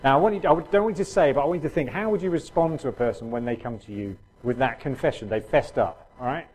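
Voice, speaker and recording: Middle-aged guy giving a sermon, chatty and halting, lots of restarts, bit of faint hiss behind. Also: mid-range voice, a little mellow, poor audio. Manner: conversational, halting with many restarts and fillers. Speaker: preacher.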